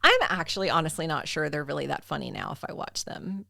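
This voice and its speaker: A woman's voice: sits low, lively intonation, quick pace, creaky, pushed and bright, no room sound, studio quality. A woman co-hosting a podcast, chatting casually and self-deprecatingly, with lots of "like" and "um". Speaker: podcast co-host.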